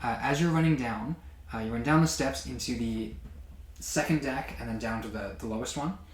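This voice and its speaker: A man's voice: mid-range voice, moderate pace. A man narrating a tabletop game as game master, with many fillers and a hesitant, casual delivery. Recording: echoey room.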